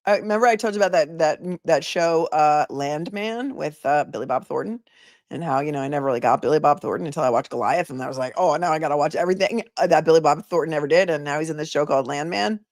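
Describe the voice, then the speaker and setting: A woman attorney hosting a casual livestream, telling stories in a chatty, animated way and talking to her chat. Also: low voice, fast, no room sound, studio quality. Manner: chatty, animated storytelling, reads chat aloud.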